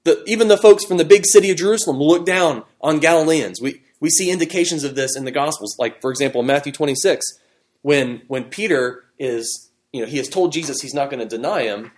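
Brief: male Bible study teacher, slightly high voice, chatty and animated, guides a class through fill-in notes. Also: brisk. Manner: conversational and animated, with fillers and restarts.

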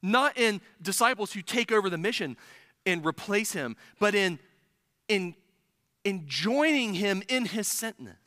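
A man's voice: high-pitched, animated, measured pace, bright, forceful tone, no echo, clean studio sound. A man preaching a sermon in church, earnest and building to emphatic points.

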